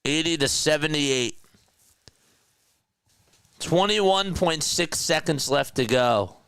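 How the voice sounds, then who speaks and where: A man's voice: on the high side, expressive, slow pace, a bit bright, clear, resonant tone, no room sound. A young man from South Jersey with a South Jersey accent, calling live basketball play-by-play in a chatty way, laughing at his own asides. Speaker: play-by-play commentator.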